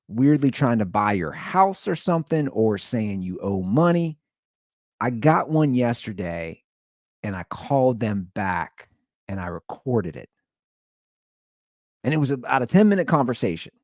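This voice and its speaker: A male podcast host talking casually and rambling through a story. His voice swings widely in pitch as he tells it, and the sound is close and dry with no room echo. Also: very animated, normal speed, darkish tone. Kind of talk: casual monologue.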